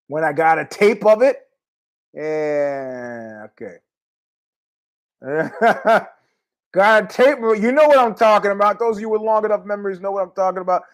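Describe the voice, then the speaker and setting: Male podcast host, loose rambling solo talk, salty language, a touch high-pitched. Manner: rambling, profane, animated asides. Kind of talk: casual monologue.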